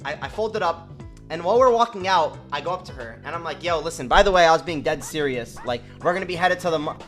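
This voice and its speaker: Chatting to his stream, a young man rattles off a slang-heavy, profane story, quoting people in their own voices and saying "you know what I'm saying" again and again. He sounds a little high and a bit bright, with lively intonation over soft background music.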